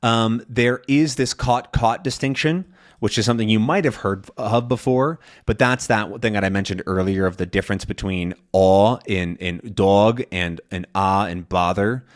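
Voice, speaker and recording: A young man teaching an English lesson in a casual way, pausing to demonstrate and drawn out sounds, with frequent ums and self-corrections. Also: low voice, fairly even intonation.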